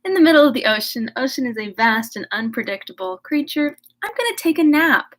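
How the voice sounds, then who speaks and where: A woman's voice: high voice, big pitch swings, fairly quick, fairly bright tone, heavily acted. Woman doing a melodramatic moody young scientist. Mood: whiny. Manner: melodramatic, whiny. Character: moody, self-pitying young male scientist.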